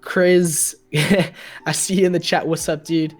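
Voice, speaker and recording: A young man casting a mobile esports match live, chatty and relaxed, greeting viewers in the chat. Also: fairly high pitch, measured pace, soft background music. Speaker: esports caster.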